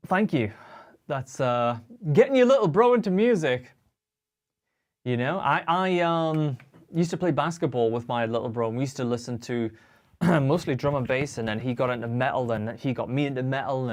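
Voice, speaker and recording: A young man hosting a guitar livestream, chatting casually and cheerfully with viewers and reading out their comments. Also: mid-range voice. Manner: chatty and upbeat, greets viewers and reads chat aloud. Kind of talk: casual live-stream chat.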